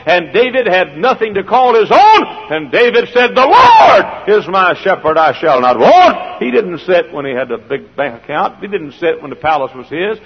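A man preaching a sermon in a folksy style, full of rhetorical questions, swinging between loud and hushed. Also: high voice, husky. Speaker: pastor. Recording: dull old sermon recording in a large hall.

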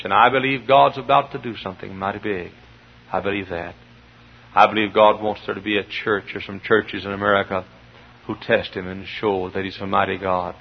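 A middle-aged man preaching a fervent sermon in a church, dropping to low murmurs and then rising to shouted peaks. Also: creaky. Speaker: pastor. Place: church sanctuary. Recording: dull lo-fi sermon recording.

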